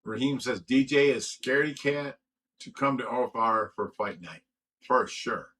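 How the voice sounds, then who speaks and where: Man, casual livestream host, brash trash talk, husky, bright edge. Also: medium pitch, unhurried, low-quality recording. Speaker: livestream host reading viewer comments.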